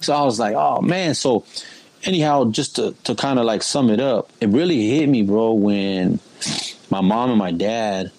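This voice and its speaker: Give me a young man with a husky, low voice telling his story in relaxed street slang. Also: normal speed, dry recording, low-quality recording. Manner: laid-back street slang, keeps saying "bro" and "you know what I mean". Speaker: guest sharing his life story. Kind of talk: casual spoken testimony.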